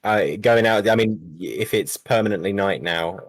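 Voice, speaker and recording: Man player, low voice, dry close sound, careful planner. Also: dry recording. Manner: deliberate planner, some restarts. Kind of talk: casual chat at a game table.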